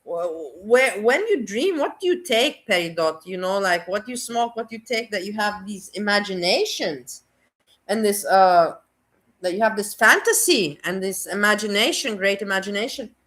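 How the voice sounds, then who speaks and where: Blunt mocking woman commentator, bright voice. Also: mid-range voice, lively intonation, moderate pace. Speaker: commentary host. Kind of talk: reaction commentary on a clip.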